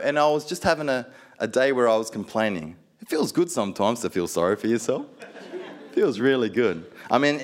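Man, high-pitched, sermon, storytelling, fervent exhortation. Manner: storytelling, playful asides, rising to fervent exhortation. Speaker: preacher. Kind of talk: sermon with personal stories.

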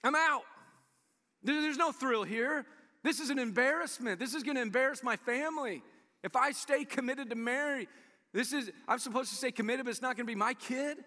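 A man's voice: very high voice, fairly quick, pushed and bright, voice pushed up. A man acting out a distressed young man backing out of his engagement, in an exasperated, emphatic voice. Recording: long reverb in a large room.

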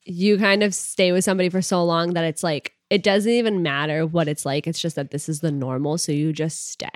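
A woman co-hosting a casual movie podcast, talking in a candid, animated way. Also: fairly low pitch, brisk, dry recording, studio quality. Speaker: podcast co-host.

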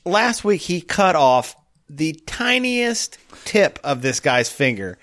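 A man co-hosting a podcast, chatting casually, laughing often and tossing in quick asides. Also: on the high side, sing-song, a bit bright. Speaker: podcast co-host. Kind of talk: casual chat.

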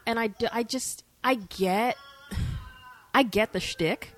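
A woman's voice: fairly high pitch, takes it slowly. A woman co-hosting a casual podcast from her couch, emphatic and opinionated. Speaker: podcast co-host. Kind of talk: casual chat watching a show. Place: home couch.

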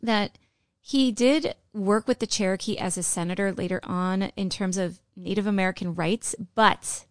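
A woman's voice: mid-range voice, moderate pace, hardly any pauses, dry recording, clean studio sound. A middle-aged woman co-hosting a podcast, chatting and telling a history story. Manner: chatty, laughing, breaks into sung lines. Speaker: podcast co-host.

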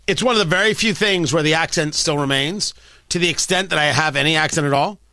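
A talk radio host with an East Coast American accent riffs sarcastically into a close, dry studio mic. His voice sits a bit high and bright, and it rises and falls in lively swings. Faint music plays under him. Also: quick pace, dry recording. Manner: sarcastic, animated, jokey. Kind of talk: opinionated talk radio monologue.

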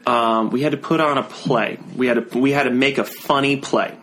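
A man's voice: medium pitch, fairly even intonation, normal speed, a bit bright, a little hiss or hum. A man guesting on a podcast, telling a story in casual chat with lots of restarts and self-deprecating asides.

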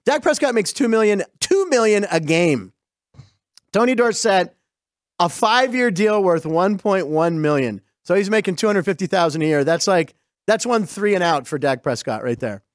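A middle-aged man from western Pennsylvania hosting a sports show, telling stories over game clips in a chatty, digressive, excited way. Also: high voice, moderate pace, no echo, studio quality.

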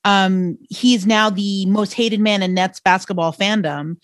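A woman reporter speaking in a brisk, matter-of-fact way in a casual discussion. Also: medium pitch, fairly even intonation. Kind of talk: casual conversation.

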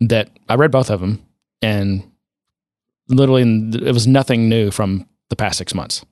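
Low-voiced man in dry, rambling tech chat. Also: normal speed, darkish tone, no room sound. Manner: rambling, sardonic, many fillers and restarts. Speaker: podcast co-host.

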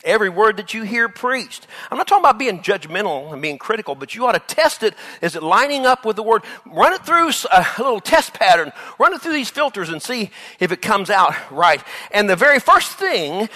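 A man's voice: sits high, brisk, hardly any pauses. A male pastor preaching a sermon, acting out Bible scenes with laughter and asides to the congregation. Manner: animated, acts out Bible dialogue with laughs.

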